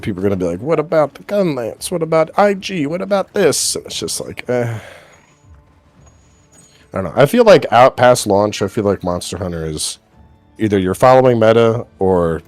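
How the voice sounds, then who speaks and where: A man's voice: on the low side, a little mellow, no room sound. A man streaming a game with friends, chatting in a laid-back, rambling way. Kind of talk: casual gaming chat.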